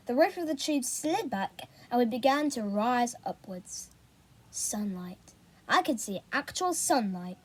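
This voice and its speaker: A woman reading a children's novel aloud in an expressive storybook style. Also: on the high side, measured pace, husky. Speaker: reader.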